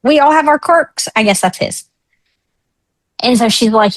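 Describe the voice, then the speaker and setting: A woman's voice: a little high, a little slow, pauses often, no room sound, low-quality recording. Frank woman telling stories, dry sound. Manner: lively, frank, acts out quoted voices. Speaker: talk show guest. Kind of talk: personal storytelling in a conversation.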